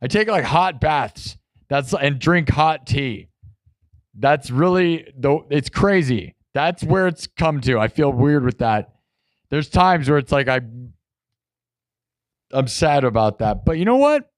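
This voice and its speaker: A man's voice: a little high, expressive, slow, dry recording, studio quality. A man hosting a live stream, chatting in a rambling, jokey way and talking straight to his chat. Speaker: live-stream host and musician.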